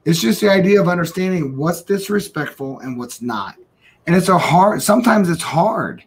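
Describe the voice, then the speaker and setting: A man's voice: high voice, expressive, moderate pace, husky, poor audio. A man in casual chat, telling a rambling story and acting out what people said.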